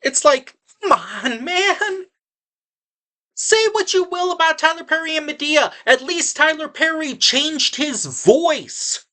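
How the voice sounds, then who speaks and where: A woman's voice: high voice, animated, measured pace, bright, forceful tone. A woman giving a casual spoken movie review, sarcastic and exasperated, rambling with frequent restarts.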